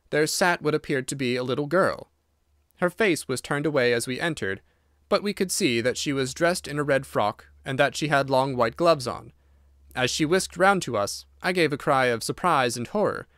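A man narrating a classic detective audiobook in a steady, unhurried reading. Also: medium pitch, dry recording, studio quality. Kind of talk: scripted narration.

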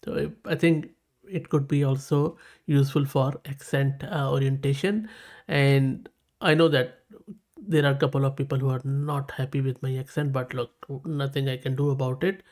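A tech channel host with a South Asian English accent runs a casual screen-recorded tutorial, speaking at normal speed in a medium-pitched, steady, darkish voice. He sounds enthusiastic as he reads results aloud and keeps repeating his praise.

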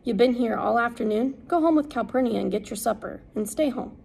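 A woman's voice: a little high, brisk, gravelly, a little mellow, a little hiss or hum. Woman reading a weary lawyer father. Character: tired, weary lawyer father, middle-aged man.

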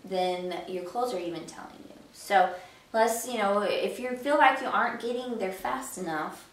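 A woman fitness coach gives a motivational talk in a medium-pitched, fairly bright voice, firing off rhetorical questions. Her delivery is chatty and full of "you know" fillers. The recording has a roomy echo, with the mic set at a distance.

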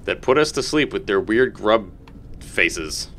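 Low-voiced excitable man gaming. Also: measured pace, a little hiss or hum. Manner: excitable, swears, yelps in surprise. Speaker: streamer playing co-op game. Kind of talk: casual gaming chat.

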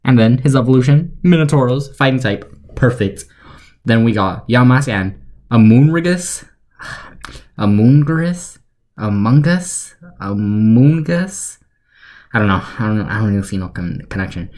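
A young man giving deadpan, sarcastic commentary for a joke video, rambling with fillers. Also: mid-range voice, normal speed. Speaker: YouTuber.

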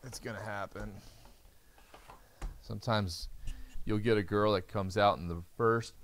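A man's voice: lowish voice, fairly even intonation, a little slow, slight background noise. A man hosting a live card break, chatting casually while he reads out cards, tired and yawning. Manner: chatty, reads out card names as he opens packs. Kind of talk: casual live stream commentary.

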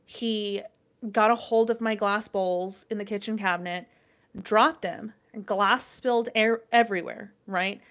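A woman's voice: mid-range voice, steady tone, a little slow, fairly bright tone. A young adult woman hosting a podcast, talking casually, swearing a lot, rambling with plenty of fillers. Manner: profane, rambling, lots of fillers. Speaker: podcast host. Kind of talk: casual chat.

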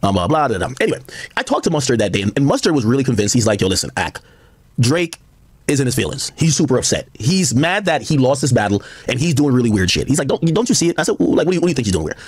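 A man talks fast in a husky voice, swinging his pitch up and down as he rambles through a live-stream commentary. His delivery is excitable and full of asides, and the dry recording sits close to the mic. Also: no echo. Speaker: livestream commentator.

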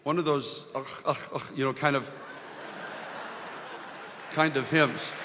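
Middle-aged pastor preaching in a reverberant hall. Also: male voice, medium pitch, fairly even intonation, a little slow, noisy background. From United States. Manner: earnest preaching with frequent restarts and prayerful exclamations. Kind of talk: sermon at an evangelistic rally. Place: large hall.

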